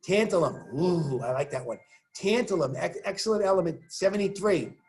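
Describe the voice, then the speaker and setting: A man teaching chemistry in a recorded online lesson. He walks through the examples with joking asides and keeps urging students to say the formulas out loud. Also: high voice, lively intonation, moderate pace. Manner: encouraging, coaching students to say formulas aloud.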